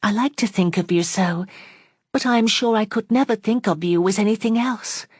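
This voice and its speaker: A woman's voice: medium pitch, normal speed, darkish tone, husky, no room sound, studio quality, pitched above the performer's own voice, lightly acted. A woman reading the part of a sincere young woman in an audiobook, with earnest, formal speech.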